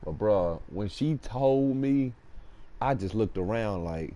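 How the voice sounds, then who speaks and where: A man's voice: on the low side, slow pace. A young man casually telling a personal story, acting out the voices of the people in it. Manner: animated storyteller, acts out quoted voices.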